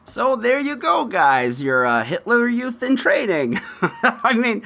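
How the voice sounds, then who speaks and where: A man hosting a podcast, giving opinionated political commentary in an animated way and often laughing mid-sentence. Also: high voice, slow, creaky. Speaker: podcast host.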